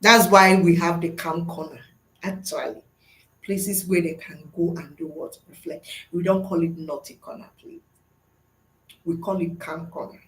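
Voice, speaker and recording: A middle-aged woman with a fairly low voice teaches fellow educators in a webinar. She is earnest and teacherly, posing questions and then answering them herself. Her voice rings a little in an echoey room. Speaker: school psychologist and webinar teacher.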